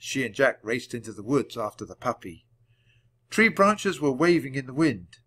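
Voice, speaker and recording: A man reading a children's book aloud at a clear, measured storytelling pace. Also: medium pitch, very animated, fairly bright tone. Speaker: audiobook reader.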